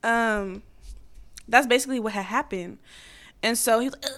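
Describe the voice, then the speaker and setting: A woman's voice: on the high side, normal speed, a bit bright. A young woman hosting a podcast, telling a story in casual chat, giggling often and filling her speech with "like" and "um". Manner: chatty, giggly, heavy filler words. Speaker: podcast host.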